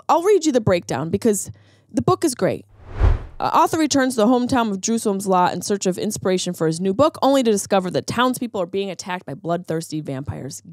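Female podcast host, sarcastic comedic ranter, high lively voice, dry close sound. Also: dry recording. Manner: ranting, sarcastic, animated. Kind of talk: casual comedic monologue.

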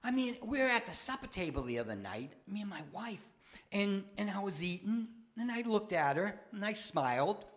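An older man performing stand-up comedy in a wry, deadpan, self-mocking storytelling manner. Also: high-pitched, normal speed. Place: studio stage with live audience.

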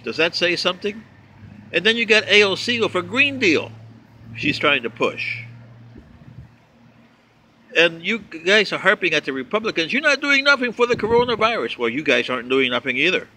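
A man's voice: fairly high pitch, normal speed, pauses often, a little hiss or hum. Sarcastic man ranting about politics. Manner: sarcastic, mocking, lively. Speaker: political commentary vlogger.

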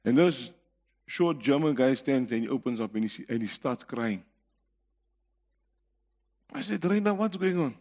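A man's voice: medium pitch, animated, unhurried, pauses often, a little mellow, big-room sound. A middle-aged man with a South African accent preaching a sermon as a guest speaker, telling stories with earnest conviction and laughing between points. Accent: South African English. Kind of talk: sermon with personal testimony.

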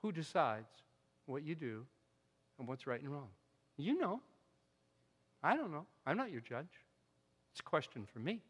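High-voiced preacher in a reverberant sanctuary. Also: male voice, unhurried, long pauses, breathy edge. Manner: animated, conversational preaching with sudden drops to quiet asides. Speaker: pastor. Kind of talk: sermon. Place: church sanctuary. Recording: long hall reverb.

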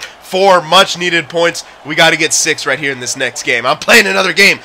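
A young man giving excited commentary over his own gameplay, shouting at plays and muttering between them. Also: fairly high pitch, moderate pace. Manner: yells and groans at the game, then mutters to himself. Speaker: gaming commentator.

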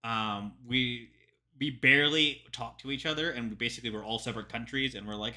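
A man's voice: mid-range voice, brisk, pushed and bright. A young man, a historian, reacting to a history video in casual chatty commentary with lots of ums and joking asides.

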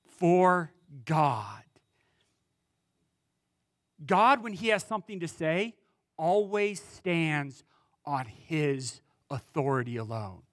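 A man preaching a sermon as pastor, pausing dramatically and swinging between loud emphasis and quiet, low words. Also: no room sound, clean studio sound. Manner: preaching with dramatic pauses and wide swings in pitch and loudness.

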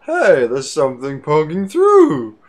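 A man commentating casually on a video game he plays, crude and jokey, swearing often and breaking into loud outbursts. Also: a little high, wildly swooping pitch, slow. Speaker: let's play gamer.

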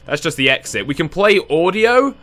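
A man giving casual let's play commentary on a horror game, chatty and confused, reacting out loud. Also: on the high side, sing-song, normal speed. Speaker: gaming video host.

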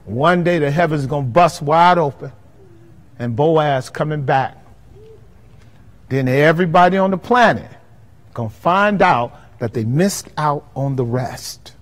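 A man preaching a sermon at a Bible study, impassioned, often asking the congregation if they follow, and swinging between loud bursts and low, quiet passages. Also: measured pace, big-room sound, poor audio. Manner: impassioned preaching with call-and-response questions. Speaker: pastor. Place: church.

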